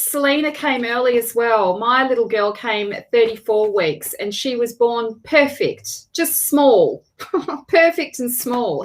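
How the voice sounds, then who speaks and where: A woman's voice: a little high, fairly bright tone, a little hiss or hum. A woman, hosting a tarot livestream and chatting casually as she greets viewers by name, with frequent restarts.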